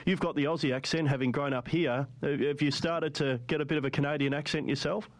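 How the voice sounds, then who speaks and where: A man hosting a radio interview, talking in a smooth conversational way. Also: on the high side, fairly even intonation, quick pace, dry recording. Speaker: radio host.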